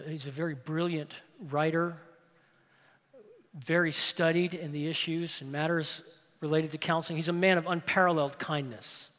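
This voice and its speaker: Male pastor, bright forceful tone, dramatic sermon delivery in a big reverberant sanctuary. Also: a little high. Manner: impassioned preaching, swinging from loud to hushed. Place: large church sanctuary. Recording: long reverb of a large hall.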